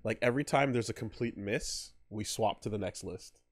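A man's voice: fairly low pitch, normal speed, dry recording. A man hosting a casual video reaction show, laid-back and swearing casually. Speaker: host.

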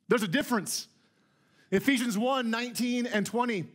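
Here a male pastor with a very high voice preaches at a normal speed inside a church sanctuary. He sounds conversational and emphatic, and he habitually repeats words as he launches into each phrase.

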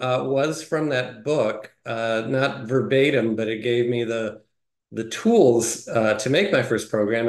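A man of average pitch tells his story as an interview guest, earnest but halting, with frequent ums and uhs. His voice sits in a roomy, echoing space. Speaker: guest, tech executive. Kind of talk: casual interview conversation. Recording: roomy echo.

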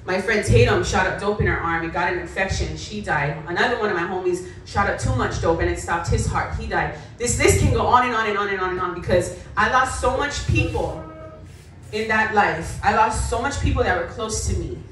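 A woman's voice: mid-range voice, brisk, fairly bright tone, a little hiss or hum. A young adult woman with a Hawaiian accent telling her life story bluntly to a school assembly. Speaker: motivational speaker. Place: school gym or hall. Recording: echoey hall, voice from far off.

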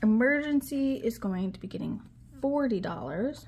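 A woman talking casually to viewers while she counts money out loud, chatty and with frequent ums. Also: on the high side, animated, moderate pace, slightly rough. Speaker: budgeting vlogger.

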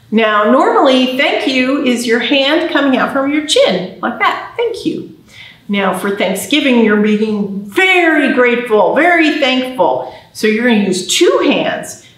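Her voice sits high with a fairly bright tone as the children's librarian reads a picture book aloud and shows signs to babies and parents, sing-song like storytime. The roomy library is very echoey, and the mic is placed at a distance.

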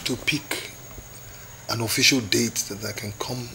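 A man's voice: medium pitch, fairly even intonation, unhurried, gravelly, background noise. A man with a Nigerian accent playing a respectful young suitor pleading with his bride's parents.

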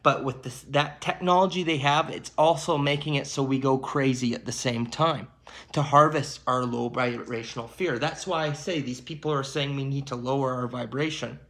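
A man's voice: mid-range voice, steady tone, moderate pace, a bit bright. A man giving an emphatic, preachy spiritual monologue to his viewers, often checking in with "okay" and "my friends". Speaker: channel host.

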